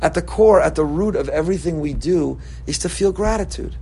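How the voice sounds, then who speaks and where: A man's voice: on the high side, brisk, warm tone, breathy edge. A man giving an impassioned Torah sermon, repeating phrases for emphasis and weaving in Hebrew terms. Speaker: rabbi giving a Torah talk.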